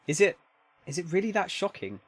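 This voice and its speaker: A man's voice: sits high, very animated, fairly quick, breathy edge, no echo, heavily acted. A man voicing a flustered young male researcher who hesitates and stammers.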